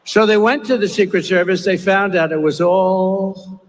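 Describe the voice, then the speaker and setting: An older man with a high-set voice rambles through a campaign rally speech, mocking and repeating himself. His voice rings through the long echo of a large rally venue. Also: moderate pace. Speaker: political candidate.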